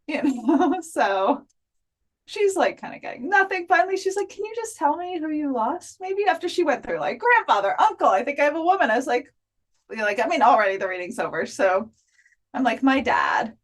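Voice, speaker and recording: A woman with a high voice talks fairly quickly as a guest on a podcast, where she researches the afterlife. In a relaxed interview she tells a story full of laughter, acting out the dialogue she quotes.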